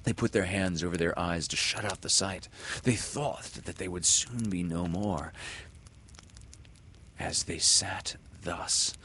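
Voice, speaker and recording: A man reading a children's story aloud in a dramatic way, swinging from loud calls to soft whispers. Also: low-pitched, a little hiss or hum.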